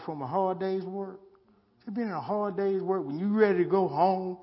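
A man with a husky voice that sits high preaches a live sermon in plain, colloquial speech, recorded with lo-fi sound. His preaching is slow and repetitive, full of rhetorical questions to the listeners.

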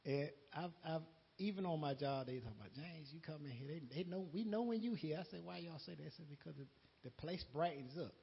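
A high-pitched man preaches off the cuff, his voice husky and breathy. He talks in a folksy way, laughing and acting out what others said. The recording is dull and lo-fi. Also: fairly quick. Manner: folksy, laughing, repeats words, quotes conversations. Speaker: lay preacher. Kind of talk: unscripted sermon.

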